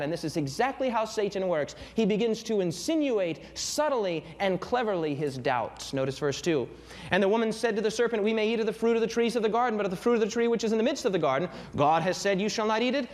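A young man preaching a sermon with fervor, swinging his pitch and pace for emphasis. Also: expressive, fast talker.

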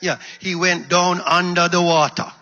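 A man with a husky voice preaches to his congregation, often repeating a line and calling out for answers. His voice sits high and rings sharp and bright. It carries a long reverb from a church hall, with faint music behind him. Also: fairly even intonation, measured pace, muffled recording. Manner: call-and-response preaching, repeating lines for emphasis. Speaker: pastor. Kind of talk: sermon.

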